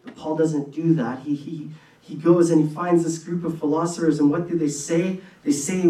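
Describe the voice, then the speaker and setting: A man preaching a sermon in an earnest, conversational way, with quick bursts and restarts, recorded in a church hall. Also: a little high, fairly even intonation, dark tone. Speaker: pastor. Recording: echoey room from a distance.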